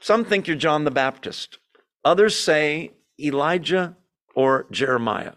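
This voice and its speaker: A man's voice: fairly high pitch, expressive, measured pace, a bit bright. A man leading a Bible study, teaching in a conversational way with jokey asides and rhetorical questions.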